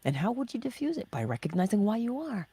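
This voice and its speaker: Female inspirational host, husky, dry close sound, questions and answers herself, lively swings in pitch. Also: fast talker, no room sound. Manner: asks rhetorical questions and answers them herself; drops into hushed, whispered emphasis. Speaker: host of a morning inspiration livestream. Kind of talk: motivational spiritual talk.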